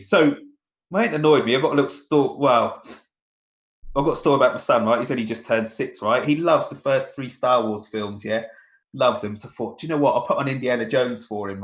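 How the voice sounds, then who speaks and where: A chatty man in his thirties tells grumbling stories in a relaxed banter style. His voice has an ordinary middle pitch, and it rings out in a roomy space. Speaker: podcast co-host. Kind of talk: casual banter.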